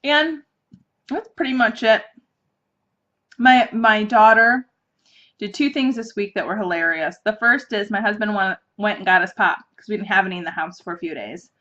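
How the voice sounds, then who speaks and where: A woman in her thirties hosting a podcast, telling stories in a casual, chatty way, animated and laughing often as she talks from an office. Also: mid-range voice, moderate pace. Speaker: podcast host. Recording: dull lo-fi recording.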